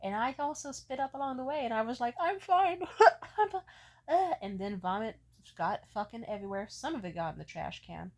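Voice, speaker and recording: Profane, animated young woman telling a story. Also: mid-range voice, fast, hardly any pauses. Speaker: vlogger. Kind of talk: casual storytime.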